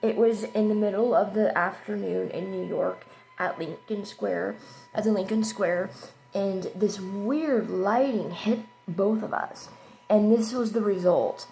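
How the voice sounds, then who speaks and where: Excitable woman doing a storytime vlog, gravelly voice, goes from hushed to loud. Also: medium pitch, measured pace, a little hiss or hum. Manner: chatty and excitable, drifting between hushed and loud. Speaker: vlogger telling a story. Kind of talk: casual storytime.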